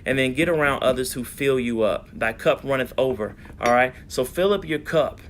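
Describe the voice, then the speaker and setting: A man with a mid-range voice delivers a lively, faith-based self-help talk in a preacherly rhythm. He keeps checking in with his listeners, stressing key points with energy. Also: medium pitch, moderate pace, noisy background. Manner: energetic, preacherly, repeats "all right?". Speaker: psychologist giving a live online talk.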